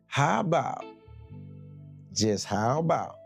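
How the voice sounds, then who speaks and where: Gravelly, animated male preacher. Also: mid-range voice, slow pace, faint music behind. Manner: animated, dramatic storyteller acting out scenes; colloquial, conversational preaching. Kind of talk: sermon storytelling.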